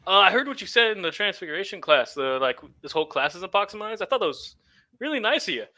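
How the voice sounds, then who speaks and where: A man's voice: sits high, big pitch swings, fast, pushed and bright, voice pushed up, full character voice. A man voicing a friendly, eager young male wizard student in a tabletop game, full of earnest praise.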